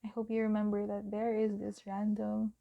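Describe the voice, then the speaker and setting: Soft-spoken woman from the Philippines, gravelly. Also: medium pitch, completely flat delivery, normal speed, phone-quality sound. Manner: gentle, soft-spoken, often drops to a whisper. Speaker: tarot reader. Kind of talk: pick-a-card tarot reading.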